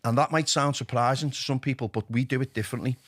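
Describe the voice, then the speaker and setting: A man with a Liverpool accent, speaking bluntly and swearing freely as a podcast guest telling his recovery story in an animated way. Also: mid-range voice, fast talker, no room sound, studio quality. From Liverpool, England. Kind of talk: candid interview talk.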